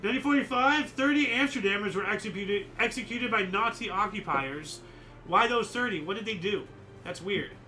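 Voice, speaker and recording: A man's voice: sits high, brisk, pushed and bright, faint music behind, low-quality recording. A man hosting a casual history chat show, reading out dates and chatting about them in a rambling, opinionated way with many fillers. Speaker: host.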